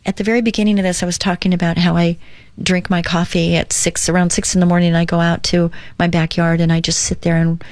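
A woman hosting her own radio show, reading a devotional aloud and talking earnestly and encouragingly about faith and calm. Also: lowish voice, dry recording. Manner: earnest, encouraging, reads slowly. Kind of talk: devotional reading and casual talk.

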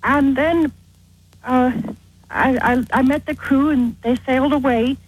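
A woman from Canada calling in to a radio show, telling her story in a halting, hesitant way. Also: high-pitched, steady tone, slightly rough, low-quality recording. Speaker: caller. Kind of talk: phone-in chat.

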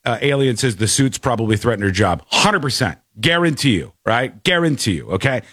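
A man's voice: medium pitch, very animated, a little fast, a bit bright, dry recording, clean studio sound. A man hosting a show, ranting with scorn in opinionated commentary. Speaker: show host.

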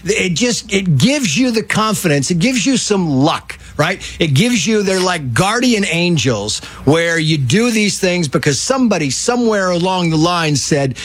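A man in his sixties, a show guest, telling a story with lively, animated delivery. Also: high-pitched, unhurried, hardly any pauses, breathy edge. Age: 60s. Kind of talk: casual storytelling.

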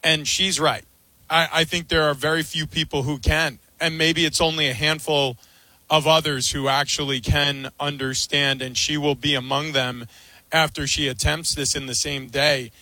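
Bright, earnest man on sports talk. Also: on the high side, flat delivery, normal speed, dry recording.

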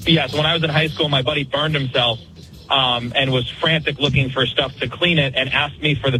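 A man phones in to a radio show and tells a story with animated laughter running through it. His voice sits slightly high, and loud noise fills the line around him. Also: a little fast. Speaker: caller. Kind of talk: telling a funny story on air.

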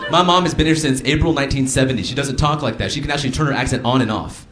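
A man doing a stand-up comedy set, telling animated stories and putting on impressions of his mother. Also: mid-range voice, racing, background noise. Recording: live comedy club, roomy with crowd.

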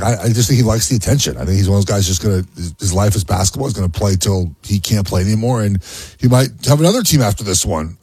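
A man's voice: fairly low pitch, warm tone, slightly rough, no room sound. A man co-hosting a sports talk show, speaking casually with frequent restarts and ums. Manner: halting, many restarts and ums.

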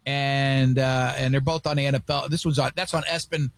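A man's voice: medium pitch, fairly even intonation, moderate pace, creaky. A man hosting a morning show, joking around in rambling asides while outdoors. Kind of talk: casual talk show banter. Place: outdoors in the sun.

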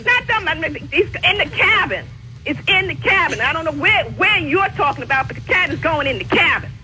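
A woman on a phone call, stubborn and insistent, repeating herself and raising her voice to shouting at times. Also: extremely high pitch, lively intonation, fairly quick, noisy background. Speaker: prank call target.

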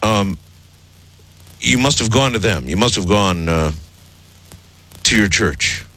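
Low-pitched male radio host questioning a caller, halting and repetitive. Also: animated, fairly bright tone, poor audio. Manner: probing, stumbles and repeats questions. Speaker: radio talk show host. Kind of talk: radio call-in interview.

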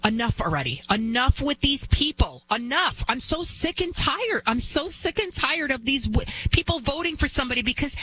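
A woman's voice: sits high, very animated, normal speed, few pauses, bright, forceful tone, slight background noise, rough recording. A woman hosting a talk show, delivering an emphatic, blunt monologue that repeats its points and keeps asking "right?".

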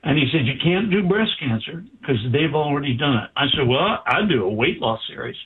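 Doctor guy spinning a story, voices all the quotes, kinda raspy, sounds like it's over the phone. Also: a little high, brisk. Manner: animated, acts out quoted dialogue. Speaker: doctor, interview guest. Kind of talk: anecdotal storytelling. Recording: tinny phone-like line.

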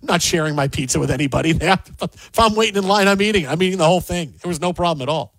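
A man's voice: high-pitched, fast talker, no room sound. A man co-hosting a podcast, rambling through casual sports banter with lots of restarts. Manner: animated, rambling with repeated restarts.

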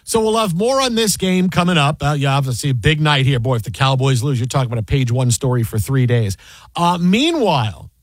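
A man hosting sports talk radio, joking and brisk, speaking into a studio microphone. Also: medium pitch, lively intonation, no room sound.

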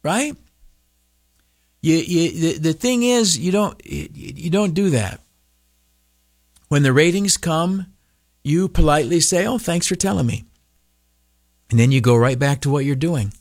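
A male radio broadcaster giving an animated motivational talk, often stopping on filler uhs and breaking into mocking high voices. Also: unhurried, pauses often, dry recording, studio quality.

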